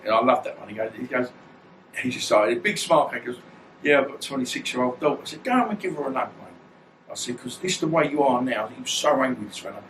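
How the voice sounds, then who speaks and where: Fast and mid-range, this man's voice comes through over a noisy background, with a roomy echo, faint ambience, and a distant mic. He's a guest in his 50s, an ex-boxer casually spinning blunt, slangy, rambling stories for an interviewer.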